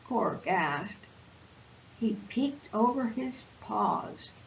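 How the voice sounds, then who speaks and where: A woman reads a picture book aloud to small children at a very slow pace. Her pitch rises and falls a lot, with a gravelly edge. The recording is dull and lo-fi, with a faint hiss underneath. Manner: slow, expressive read-aloud voice. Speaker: volunteer storyteller.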